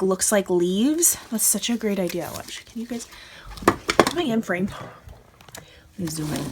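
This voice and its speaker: A woman's voice: lowish voice, fairly bright tone, slight background noise. Gushing chatty woman unboxing crafts. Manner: gushing, chatty, lots of fillers. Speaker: craft channel host. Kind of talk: casual unboxing chat. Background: crinkling paper and clicks from handling mail.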